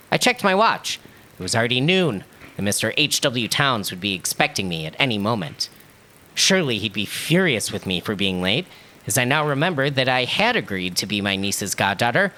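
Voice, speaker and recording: A man reading a first-person story aloud as scripted narration, in an expressive, animated storytelling manner. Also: mid-range voice, a little hiss or hum. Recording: music playing underneath.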